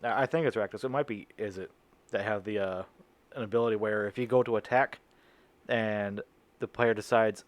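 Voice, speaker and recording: Guy reading notes out loud, keeps tripping up, cusses, dry room. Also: on the low side, no room sound. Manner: halting reading, swearing, laughing. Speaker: podcast co-host. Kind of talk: casual chat reading setting notes.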